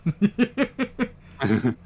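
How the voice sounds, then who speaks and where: A man's voice: sits high, huge pitch swings, very slow, a little mellow, breathy edge. A man in his thirties who hosts a casual podcast and talks in a crude, mocking way with lots of fillers. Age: 30s. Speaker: podcast host.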